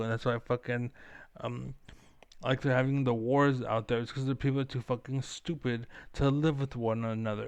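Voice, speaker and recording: A man in a gaming live stream keeps up a rambling, profane rant over the play. His voice is smooth and resonant at an ordinary pitch, and it is caught close on a mic with no room around it. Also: dry recording.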